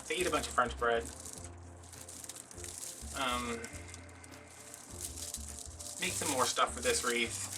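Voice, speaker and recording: A man's voice: medium pitch, slow, pauses often, distant mic, music in the background. A man chatting casually in a craft vlog from home, rambling and dramatically mocking himself. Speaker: craft vlogger.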